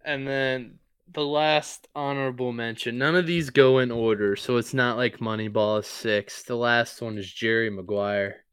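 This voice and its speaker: A man's voice: mid-range voice, steady tone, normal speed, fairly bright tone, smooth, no echo. A man co-hosting a podcast, chatting casually and loosely about his favorite sports movies. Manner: loose and conversational, ranking favorites with easygoing asides. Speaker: podcast co-host.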